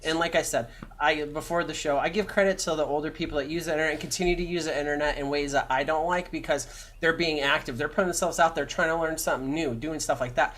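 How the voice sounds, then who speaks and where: A man's voice: fairly high pitch, fairly even intonation, fast talker, fairly bright tone, slight background noise. Blunt, swearing man in casual chat. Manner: blunt, opinionated, swears freely.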